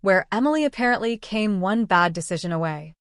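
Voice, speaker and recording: A woman reading scripted narration for a clip compilation in a smooth, even delivery. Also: mid-range voice, brisk, no echo, studio quality.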